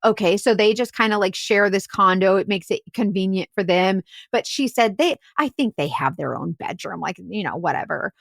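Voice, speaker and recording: A woman's voice: medium pitch, lively intonation, normal speed, vocal fry, hardly any pauses, no echo, studio quality. A woman podcast host and private investigator telling a case story in a chatty way, full of "like" and "right?". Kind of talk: casual storytelling chat.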